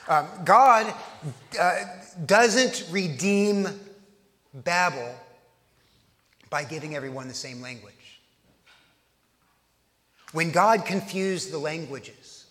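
Preacher in a reverberant hall. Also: male voice, on the high side, a bit bright. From Texas. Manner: conversational preaching with frequent restarts. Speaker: pastor. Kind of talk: sermon.

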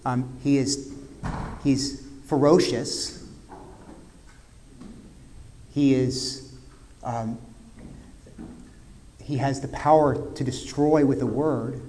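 A man preaching a sermon, talking conversationally, retelling scenes vividly and dropping suddenly quiet at times. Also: medium pitch, steady tone, drawn-out words, pauses often, a little hiss or hum. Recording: long hall reverb.

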